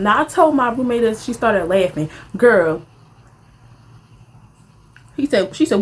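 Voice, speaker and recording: A young woman, casually telling a rambling storytime while eating, animated and full of slang, jumping to high squeals when excited. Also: takes it slowly, pauses often. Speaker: vlogger.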